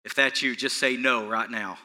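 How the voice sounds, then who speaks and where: Bright-voiced man preaching a sermon. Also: mid-range voice, moderate pace. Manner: earnest and animated, repeating phrases for emphasis. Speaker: pastor.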